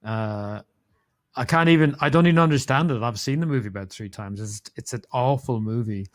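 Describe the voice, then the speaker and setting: A man's voice: mid-range voice, a little fast. An Irish man co-hosting a podcast, rambling through an amused story about a film with plenty of fillers. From Ireland. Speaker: podcast co-host. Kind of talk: casual chat about a film.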